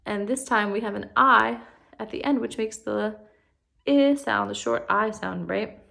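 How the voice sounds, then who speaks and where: A woman teaching a first grade spelling lesson on video, patient and encouraging, drawing words out slowly for young children. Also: mid-range voice, steady tone, vocal fry, sharp tone.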